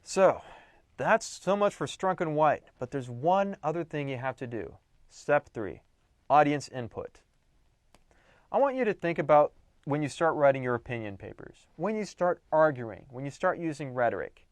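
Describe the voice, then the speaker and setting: Man, writing teacher, lecture, lively pitch, emphatic, dry recording. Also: normal speed, no echo. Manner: animated, emphatic, playful asides.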